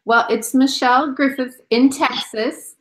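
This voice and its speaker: A woman's voice: high-pitched, fairly even intonation, unhurried, a bit bright, low-quality recording. A woman hosting a video call for teachers and children, inviting guests to introduce themselves in a friendly manner. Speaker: host. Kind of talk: hosting an online event.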